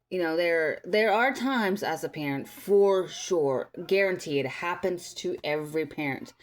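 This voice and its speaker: A young woman vlogger with a notably low voice chats to her viewers in a loose, rambling way. She fills her talk with ums and likes and often restarts her sentences. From Tennessee, US. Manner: chatty, rambling, many fillers and restarts. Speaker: vlogger, mother. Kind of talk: casual storytime commentary.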